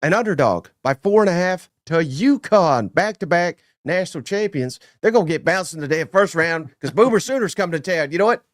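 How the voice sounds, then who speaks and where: A man hosting a casual sports podcast, energetic and teasing, giving shout-outs to listeners. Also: high voice, fairly quick, hardly any pauses, no room sound, studio quality. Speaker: podcast host.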